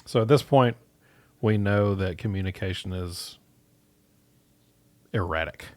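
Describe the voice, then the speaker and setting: A man's voice: low voice, unhurried. Hesitant man playing a tabletop game. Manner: hesitant, thinking aloud. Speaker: player. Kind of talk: casual tabletop role-play.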